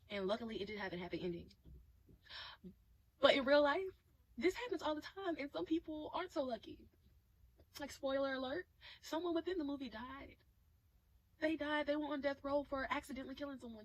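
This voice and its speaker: A woman's voice: a little high, poor audio. A woman talking casually and emphatically to her viewers, reacting to a movie she just watched. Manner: emphatic, talks straight to viewers as "y'all".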